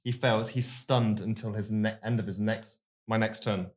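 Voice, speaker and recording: A man's voice: lowish voice, steady tone, moderate pace. A man playing a tabletop game, eager and reading out the rules. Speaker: player. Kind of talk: casual tabletop play.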